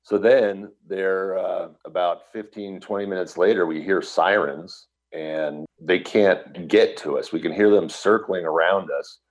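A man's voice: low voice, steady tone, unhurried, hardly any pauses. A middle-aged man earnestly recounting a personal story in conversation, acting out what people said. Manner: earnest, vivid retelling full of quoted dialogue. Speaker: guest telling a personal story. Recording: dull lo-fi recording.

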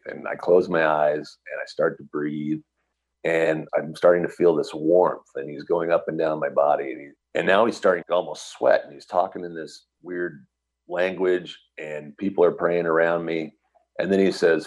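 A middle-aged man from the American Midwest recounts a personal story as a guest in an interview. His voice sits extremely low and carries a breathy, husky texture. He talks earnestly, with restarts, and acts out what others said. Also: a little slow. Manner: earnest, animated retelling with quoted dialogue and restarts.

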